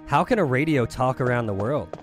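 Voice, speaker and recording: A gaming streamer from the Philadelphia area chats casually over gameplay with game music in the background. His mid-range voice is brisk with lively intonation as he jokes, swears a lot, rambles and hums to himself.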